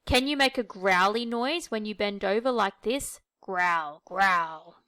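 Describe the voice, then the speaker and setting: A friendly teddy bear toy who talks with a low, growly edge, as a woman reading a storybook puts him on. The delivery is slow and clear. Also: pushed and bright, dry recording, clean studio sound. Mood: encouraging.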